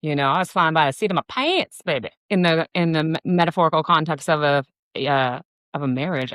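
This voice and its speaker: A woman's voice: low voice, no echo. Woman, 40s, from the US, bar owner; casual, swearing, filler-heavy storyteller, dry close sound. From United States. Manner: profane, animated storyteller with many fillers.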